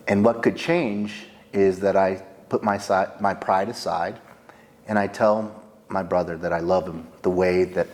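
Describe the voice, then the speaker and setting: A man, an attorney, explaining a monologue exercise in a reflective, halting way. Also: deep voice, steady tone, darkish tone. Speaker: attorney in a workshop.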